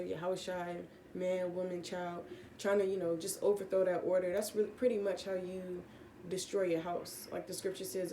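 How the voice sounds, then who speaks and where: Teaching scripture from a home room where pets are around, this woman vlogger rambles in a relaxed way, often using fillers and correcting herself. Her pitch is fairly low, and the recording sounds roomy with slight background noise.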